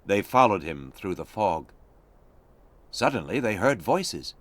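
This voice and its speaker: Male narrator, slow and lively, dry close sound, reads a story for English learners. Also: sits low, no echo. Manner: slow, clear, expressive reading.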